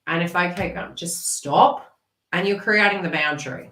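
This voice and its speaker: Aussie lady doing a psychic reading, blunt and chatty, bright sharp voice, sounds far off in a roomy space. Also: lowish voice, normal speed. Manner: chatty, blunt and laughing, with mild swearing. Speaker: psychic reader. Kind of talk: casual spoken reading to a viewer. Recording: echoey room, far from the mic.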